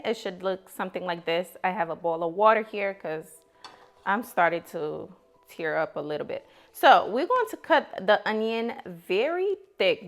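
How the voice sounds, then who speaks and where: A woman hosting her own cooking channel, chatting to viewers as she walks through a recipe step by step. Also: mid-range voice. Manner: chatty, talks straight to viewers as "you guys". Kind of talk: casual cooking tutorial.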